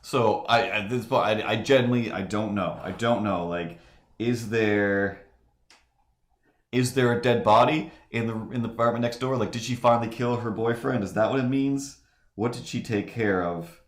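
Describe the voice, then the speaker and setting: Man, casual anecdote, lots of "like" and restarts, low voice, roomy echo. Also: moderate pace. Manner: acts out the people in his story. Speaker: streamer telling a story while drawing. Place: home room during a live stream.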